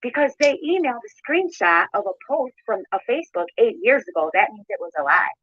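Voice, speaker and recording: Woman ranting heated and accusing, kinda high voice, dry muffled audio. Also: very animated, brisk, dry recording. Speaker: YouTuber in a played clip. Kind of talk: angry rant.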